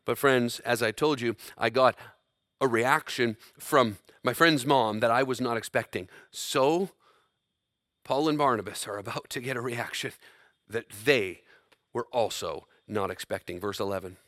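A man preaching a sermon from scripture, his delivery swinging between loud emphatic bursts and quiet, slowed passages. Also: medium pitch, no echo, studio quality.

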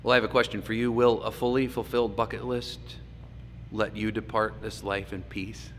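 A man preaching a sermon, swinging between loud emphasis and hushed asides. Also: on the low side, little pitch movement, moderate pace. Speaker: pastor. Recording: echoey hall with faint background noise.

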